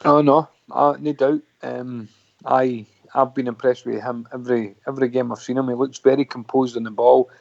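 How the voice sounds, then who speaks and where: A Scottish man on a radio panel, measured with a dry sense of humour. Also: medium pitch, level tone, creaky, darkish tone, no echo. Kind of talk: casual radio chat. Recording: dry, dull lo-fi audio.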